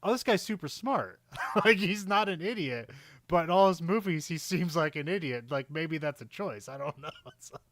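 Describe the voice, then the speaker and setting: A man's voice: a little high, a little slow, dry recording. A man co-hosting a casual film podcast, rambling through his thoughts and laughing often. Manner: rambling, laughs often, animated when excited. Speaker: podcast co-host.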